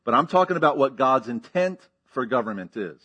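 A man's voice: medium pitch, lively intonation, fairly quick, fairly bright tone, slightly rough. A man preaching a sermon as pastor, teaching emphatically with rhetorical questions and frequent checks of "okay?".

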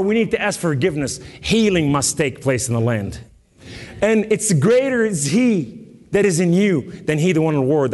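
A man from Lebanon preaching an emphatic testimony sermon with sudden rises and dramatic pauses. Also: on the high side, a little mellow, long reverb tail. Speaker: guest preacher.

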